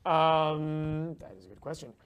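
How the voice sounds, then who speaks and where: A man playing a tabletop game, working out his ideas aloud with many pauses and restarts. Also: on the high side, flat delivery, clean tone, dull audio. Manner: halting, full of fillers and restarts. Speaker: player. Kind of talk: casual tabletop play.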